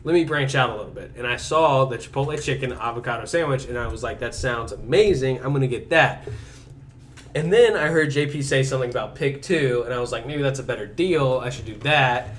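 A young man tells his side of a story to friends, defensive, with quick asides. His voice sits in an ordinary middle range. Faint ambience hums behind him. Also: medium pitch, slight background noise. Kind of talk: casual chat with friends.

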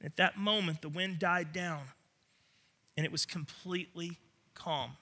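A male pastor delivers a sermon with earnest emphasis, repeating words as he builds. His voice sits high and sounds very bright. He takes his time, pacing each phrase slowly. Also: steady tone.

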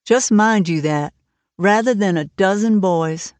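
A woman reading the part of a shy, gentle old farmer who speaks slowly and kindly in homespun phrases, for an audiobook. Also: medium pitch, no room sound, lightly acted.

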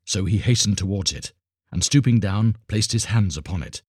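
A man narrating a classic children's fairy tale in a measured, expressive storytelling manner. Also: lowish voice, husky, no room sound, clean studio sound.

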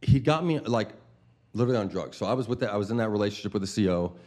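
Male host with a low voice; quick, slangy, filler-heavy casual chat. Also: animated, a little mellow. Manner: slangy, rapid, full of fillers. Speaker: podcast host.

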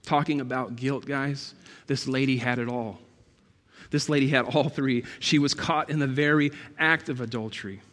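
A man preaching a sermon in a church, emphatic and building to loud, passionate peaks. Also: medium pitch, fairly even intonation, normal speed. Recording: long hall reverb.

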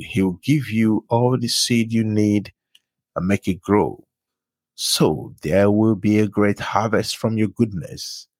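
A man with a husky, low voice reads Bible verses aloud, naming each book and verse before he reads it. His delivery swings widely in pitch and lands with emphasis, and the sound is close and dry. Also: a little mellow, no room sound. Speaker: scripture reader.

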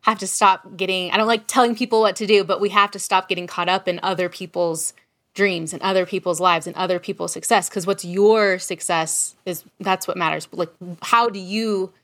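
A woman's voice: lowish voice, fairly even intonation, moderate pace, fairly bright tone. A woman in casual conversation, reflecting and thinking aloud, with plenty of fillers like "like" and "kind of". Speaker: coach.

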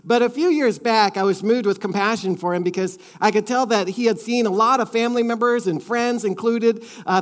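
Middle-aged male pastor, high-pitched, earnest conversational sermon delivery. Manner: earnest, conversational preaching with repeated phrases.

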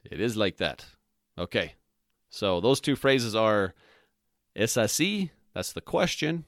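A man's voice: on the low side, vocal fry, a bit bright, no echo, clean studio sound. A man hosting a language lesson podcast, patiently spelling out words and repeating each phrase. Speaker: podcast host, Spanish teacher.

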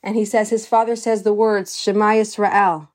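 A woman's voice: mid-range voice, level tone, fairly quick, mellow. Earnest woman teaching Torah. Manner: earnest, emphatic, sprinkles Hebrew terms. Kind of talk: storytelling lesson.

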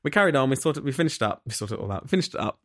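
A man's voice: mid-range voice, big pitch swings, very fast. A man in his thirties telling candid personal stories in casual chat, laughing often as he talks. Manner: chatty, laughing often, frank.

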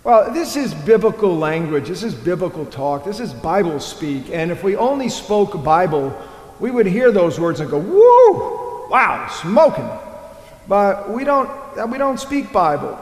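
A man's voice: high-pitched, expressive, normal speed, hardly any pauses. Man preaching in an echoey church. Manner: earnest, digressive preaching with filler and restarts. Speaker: priest. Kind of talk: sermon.

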